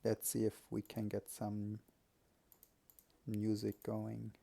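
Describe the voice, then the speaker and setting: A man's voice: fairly low pitch, completely flat delivery, takes it slowly, gravelly, background noise. A man giving live solo commentary on a strategy game, thinking aloud and often correcting himself.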